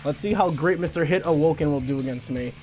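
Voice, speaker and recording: A man's voice: a little high, fast, a little mellow. A young man giving live gameplay commentary, cockily trash-talking and taunting his opponent. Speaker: gaming channel host. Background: game music.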